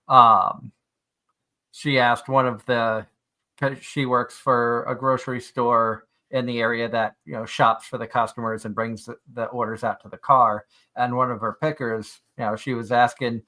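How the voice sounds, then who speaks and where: Bright-voiced chatty Boston man. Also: medium pitch, flat delivery, moderate pace. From Massachusetts, near Boston. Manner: chatty, rambling anecdotes with restarts. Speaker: podcast co-host. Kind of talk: casual chat.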